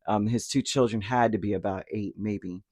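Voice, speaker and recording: A man's voice: fairly low pitch, steady tone, moderate pace, a little mellow, no echo, clean studio sound. A man giving a casual, rambling tarot reading, talking conversationally with lots of fillers and asides. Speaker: tarot reader.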